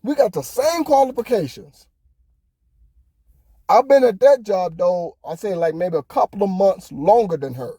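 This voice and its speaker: A man's voice: sits high, animated, moderate pace, mellow, husky, no room sound. Fired-up ranting man, dry close sound. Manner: heated, ranting, swears often. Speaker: podcast host. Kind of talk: casual opinion monologue.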